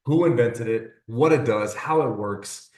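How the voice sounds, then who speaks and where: A man's voice: mid-range voice, unhurried, roomy sound, far from the mic. A man giving a casual personal testimonial on an informational call, animatedly acting out the conversations he retells. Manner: animated storyteller acting out quoted dialogue.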